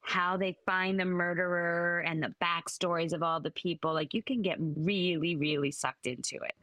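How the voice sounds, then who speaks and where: An older woman, a stand-up comedian, chatting as an interview guest and telling family stories with quick laughs. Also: lowish voice, steady tone, fairly bright tone, dry recording. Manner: chatty storyteller who breaks into laughter. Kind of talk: casual interview chat.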